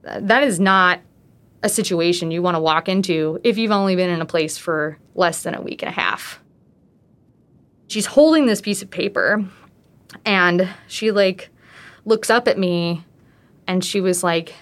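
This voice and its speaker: A woman's voice: on the low side, unhurried, pauses often. A woman casually telling her own true story, talking in a loose way with frequent "like" fillers.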